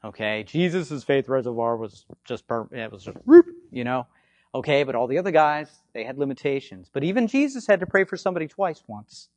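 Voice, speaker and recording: A man with a slightly hoarse voice, giving an informal teaching on faith healing, swinging between loud bursts and low asides and often checking in with "okay?". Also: sing-song, a little fast, no room sound. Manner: repetitive, conversational, frequent "okay?" check-ins. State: hoarse from frequent yelling.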